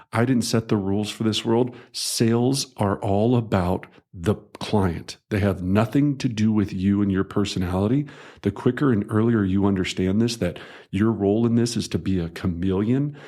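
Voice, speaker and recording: A man's voice: on the low side, moderate pace, warm tone. A middle-aged man narrating his own sales training audiobook, conversational and emphatic, sometimes acting out quoted voices. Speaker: real estate coach.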